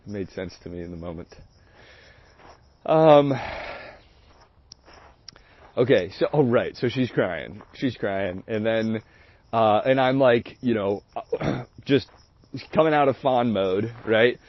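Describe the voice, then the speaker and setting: A man's voice: on the low side, lively intonation, takes it slowly, long pauses. Rambling, candid man telling a story. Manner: candid, rambling, profane, laughs often. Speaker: host of a livestream. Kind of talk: casual storytelling. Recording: dull, dry lo-fi sound.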